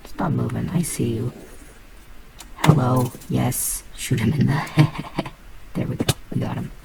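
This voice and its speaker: A woman's voice: very deep voice, steady tone, a little slow, gravelly, heavy background noise. A woman casually talking through her gameplay, playful and muttering to herself, swearing now and then. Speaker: gamer.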